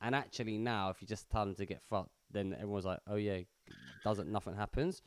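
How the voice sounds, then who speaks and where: Blunt man with a smooth voice. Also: lowish voice, fast, no echo. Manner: blunt, opinionated, emphatic. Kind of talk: casual podcast chat.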